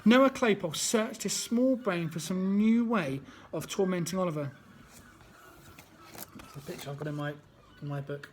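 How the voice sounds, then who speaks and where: A man's voice: sits high, moderate pace, long pauses, slight background noise. A man reading a children's book aloud as a storyteller, unpolished and often restarting.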